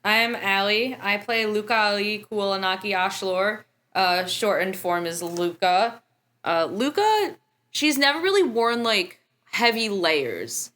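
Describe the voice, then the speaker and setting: A woman's voice: mid-range voice, expressive, measured pace, a bit bright. A woman playing in a tabletop game who chats casually and giggles often. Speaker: player.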